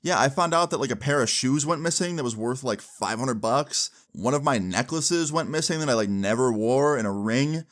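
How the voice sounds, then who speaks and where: A man's voice: medium pitch, animated, moderate pace, few pauses, a bit bright. A young man recounting a personal story in a chatty storytime style, full of "like" and "you know" fillers. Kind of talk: casual storytime.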